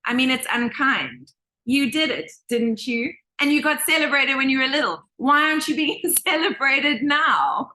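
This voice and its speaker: Bright, animated woman teaching a group. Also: sits high. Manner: animated, acts out quoted voices. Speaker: manifestation course teacher. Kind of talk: live online group session.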